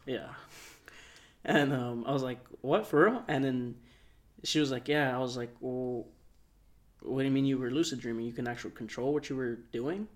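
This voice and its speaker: A man telling a long story on a casual podcast, rambling and soft-spoken, with lots of filler words. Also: medium pitch, moderate pace. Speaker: podcast co-host.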